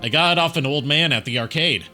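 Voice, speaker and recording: A man's voice: on the high side, quick pace, sharp tone, faint music behind. A man voicing a young male video game hero in a fan dub, asking casual, curious questions.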